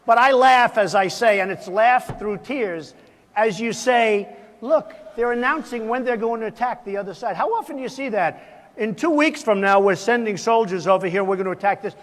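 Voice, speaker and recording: An older politician speaking emphatically and repetitively in a speech clip. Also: male voice, sits high, a bit bright, long reverb tail, slight background noise.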